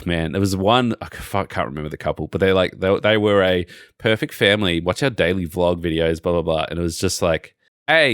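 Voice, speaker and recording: A man's voice: deep voice, no room sound, clean studio sound. An Australian man co-hosting a podcast, telling rambling, sweary stories in a casual chat. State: recently sick. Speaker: podcast co-host.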